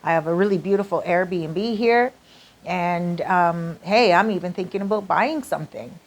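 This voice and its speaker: A woman's voice: lowish voice, normal speed. A woman quoting her story's boyfriend, earnest and reassuring, in her own voice. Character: earnest man, devoted boyfriend.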